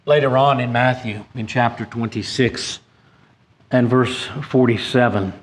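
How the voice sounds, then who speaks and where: A man delivers a sermon at a middling pitch, reading scripture passages aloud. He climbs emphatically on key points and sometimes stumbles into restarts. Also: fairly even intonation, a little slow. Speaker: preacher.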